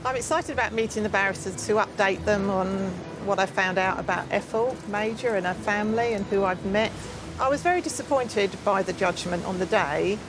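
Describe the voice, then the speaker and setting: A woman's voice: mid-range voice, fairly quick, music in the background. A woman presenting a documentary, talking in an earnest, thoughtful way with interviewees. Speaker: presenter and investigator. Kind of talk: documentary interview and to-camera talk.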